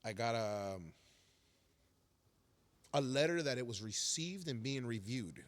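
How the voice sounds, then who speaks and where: Male podcast guest, middle pitch, casual profane street storyteller. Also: lively intonation, slow. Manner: slangy, profane, calls listener fool and homie. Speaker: podcast guest, former federal prisoner.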